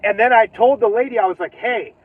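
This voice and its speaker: A man's voice: sits high, brisk, no echo. A man hosting his own channel, chatting casually and rambling from his car, laughing often and trailing off mid-sentence. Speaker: channel host. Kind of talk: casual driving vlog chat. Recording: tinny phone-like audio.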